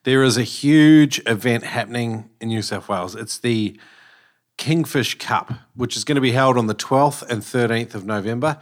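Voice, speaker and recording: A man's voice: medium pitch, moderate pace. Upbeat Australian podcast host man. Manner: enthusiastic, laid-back slang. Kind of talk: casual podcast interview.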